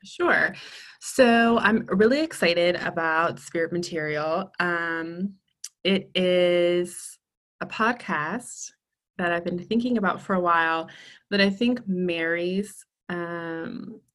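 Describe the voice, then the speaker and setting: Podcast guest, woman, low-ish voice, earnest and eager, casual chat peppered with ums. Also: slow, fairly bright tone. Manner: earnest, enthusiastic, frequent ums. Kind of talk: casual interview conversation.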